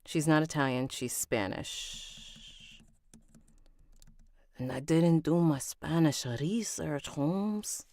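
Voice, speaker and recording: A woman's voice: low-pitched, slow pace, long pauses, a little mellow, dry recording. A woman narrating an audiobook on a livestream, breaking off to chat with viewers and correct herself. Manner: chatty asides, self-correcting, talks to her chat. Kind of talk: live-streamed audiobook recording session.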